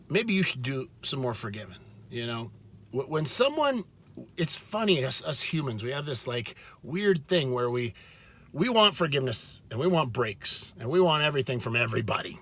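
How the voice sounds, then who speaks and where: Guy doing a faith talk to camera, earnest, chatty, mid pitch, leans hard on key words. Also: very animated, fairly bright tone. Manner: earnest and conversational, with frequent restarts and emphatic slow stresses. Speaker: video host.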